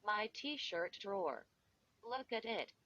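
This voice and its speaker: A panicky teen boy stammers through his complaints, as a woman narrator reads him. His lines come slowly, on a dull lo-fi recording. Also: mid-range voice, big pitch swings, pushed and bright, full character voice. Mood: upset. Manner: stammering, upset. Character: frightened, whiny big brother, a teen boy.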